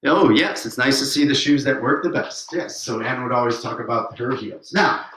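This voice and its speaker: A man teaching a swing dance lesson, counting the beats out loud while he dances and demonstrates. His voice sits at a middling pitch and comes from some distance away from the mic. A strong echo from the room surrounds every word. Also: normal speed. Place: room where he dances on camera. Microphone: camera mic at a distance.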